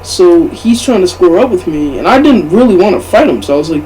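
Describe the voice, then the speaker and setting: A man's voice: high-pitched, sing-song, a little fast, a little mellow, a little hiss or hum, rough recording. A young man in his teens telling a storytime vlog in a casual way, full of swearing and fillers. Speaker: vlogger.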